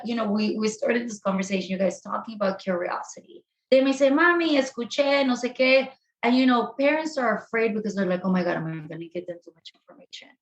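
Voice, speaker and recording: A woman sex therapist giving animated advice as an interview guest, often addressing listeners directly and dropping in Spanish phrases. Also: fairly high pitch, lo-fi sound. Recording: echoey room.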